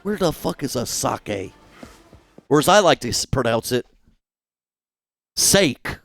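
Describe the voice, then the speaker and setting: A young male streamer chats casually over his game, joking and swearing freely. His voice sits a little high and swings widely, with sudden loud outbursts. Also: animated, fast talker, faint music behind.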